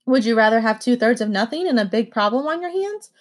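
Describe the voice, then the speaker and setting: A woman's voice: a little high, lively intonation, fast talker. Woman doing a slick persuasive teen boy. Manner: persuasive, confident bargaining. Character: smooth-talking teenage boy hustler.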